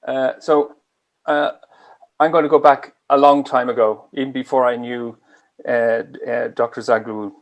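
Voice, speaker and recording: A man with an Irish accent giving an online medical lecture over a video call, speaking deliberately slowly and carefully. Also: mid-range voice, steady tone. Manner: deliberately slow and careful delivery. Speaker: guest lecturer.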